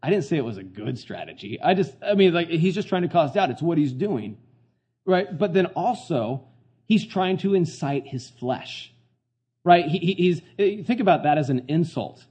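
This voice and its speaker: A man's voice: a little high, lively intonation, normal speed, a little mellow, husky. Slangy man preaching a casual sermon. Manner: conversational, slangy, asks the audience questions. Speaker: pastor.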